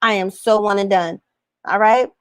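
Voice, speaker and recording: A woman's voice: mid-range voice, fairly even intonation, moderate pace, clean tone, dry recording. A woman coaching business owners on a livestream, talking emphatically, repeating her points and firing questions at viewers. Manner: emphatic, repeats phrases, asks the audience questions. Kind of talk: livestream talk reading viewer comments.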